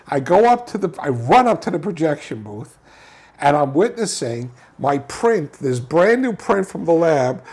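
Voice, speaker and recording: New guy, gravelly husky voice, kinda high for a man, telling stories all excited and tripping over his words. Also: unhurried. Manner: animated, repeats words, restarts, laughs while telling stories. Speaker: filmmaker guest. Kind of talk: casual storytelling interview.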